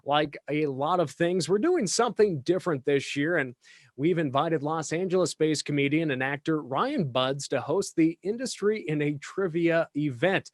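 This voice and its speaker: An upbeat man hosts a welcome video, running through the day's schedule in a promotional tone. His voice sits a little high. The recording is dry and close. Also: moderate pace, no room sound. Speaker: podcast host. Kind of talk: scripted event announcements.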